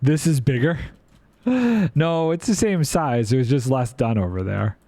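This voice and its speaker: A man's voice: mid-range voice, lively intonation, unhurried, mellow, no room sound. A man streaming a building game, chatting playfully and thinking aloud while reading chat. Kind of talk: casual gameplay commentary.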